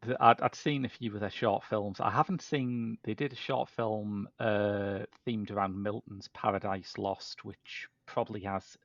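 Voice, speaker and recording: A man's voice: steady tone, unhurried, gravelly, hardly any pauses, dry recording. A man hosting a podcast, chatting casually about a film in an English way of speaking, with frequent restarts and asides. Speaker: podcast host. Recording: dull dry low-fidelity podcast audio.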